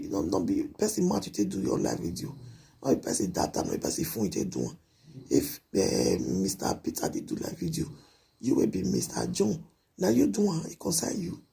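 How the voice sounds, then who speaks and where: A man's voice: low-pitched, gravelly, warm tone, husky. A man giving a repetitive, scolding late-night monologue to his viewers on a live video.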